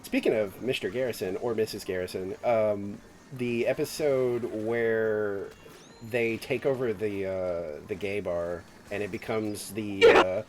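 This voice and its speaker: A man's voice: lowish voice, steady tone, a little slow, soft background music. A man streaming a game, chatting in a rambling way with lots of fillers and laughs. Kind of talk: casual chat while gaming.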